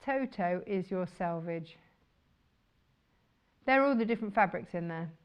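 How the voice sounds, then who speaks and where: A woman's voice: lowish voice, lively intonation, a little slow, clear, resonant tone, lo-fi sound. A woman presenting fabrics on a shopping channel, chatty and enthusiastic. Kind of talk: chatty live sales presentation.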